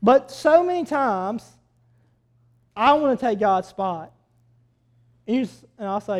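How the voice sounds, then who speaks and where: A man with a strikingly high voice delivers a sermon through a story. He is animated, rising into loud bursts and then dropping to quiet asides. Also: takes it slowly, long pauses. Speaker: pastor.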